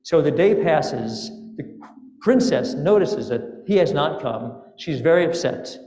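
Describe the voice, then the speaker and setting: A man with a somewhat high voice delivers a sermon as a fairy tale, full of playful asides and questions to his listeners. He speaks in a synagogue sanctuary, and his voice rings out with a long, roomy reverb. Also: unhurried, soft background music. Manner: lively, playful storyteller with asides to the congregation. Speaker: rabbi. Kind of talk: sermon storytelling.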